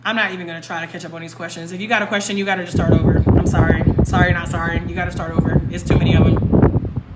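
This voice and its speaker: A young woman hosts a casual phone livestream Q&A. She talks loud and passionate and swears freely. The room is echoey, and a loud hum of noise sits behind her. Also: fairly low pitch, flat delivery, rapid-fire. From North Carolina, US. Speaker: livestream host.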